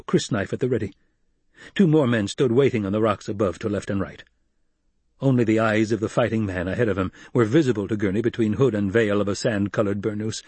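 In a dry recording, a man with a lowish, slightly rough voice reads an audiobook, telling the story in a measured, steady way.

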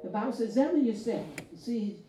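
Woman pastor, fervent sermon with shouted peaks; distant echoey church room, music under. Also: fairly high pitch, animated, a little fast. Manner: fervent, rising to shouts, repetitive call-outs.

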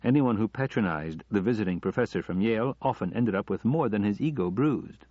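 Male narrator, low and husky, measured storytelling; dry, dull lo-fi audiobook read. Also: expressive, dry recording.

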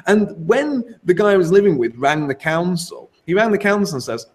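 A man with a slightly raised pitch talks on a casual talk show. He is emphatic and animated and laughs often. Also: quick pace, hardly any pauses. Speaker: co-host.

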